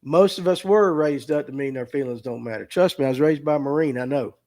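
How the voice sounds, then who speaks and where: A man's voice: on the high side, a little fast, darkish tone. A middle-aged man, a tackle shop owner on a livestream, talking earnestly and emotionally, repeating himself and near tears. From US South. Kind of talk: heartfelt casual livestream talk. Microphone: streaming mic.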